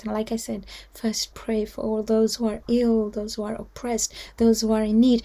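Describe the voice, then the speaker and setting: A woman telling a devotional story to children, heartfelt and earnest. Her voice is mellow and warm and sits fairly high. She often sinks into a hushed whisper. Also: flat delivery, normal speed, few pauses. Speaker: storyteller at a children's religious gathering.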